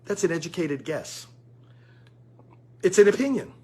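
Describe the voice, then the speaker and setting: A man's voice: on the high side, sing-song, unhurried, dark tone, husky. A man giving an earnest political commentary monologue straight to his listeners, calling them friends. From United States.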